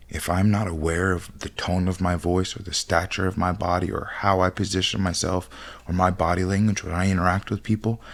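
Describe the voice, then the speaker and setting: A man's voice: low voice, creaky. A man talking candidly as a coach on a podcast, intense and blunt, swearing freely. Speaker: high-performance coach.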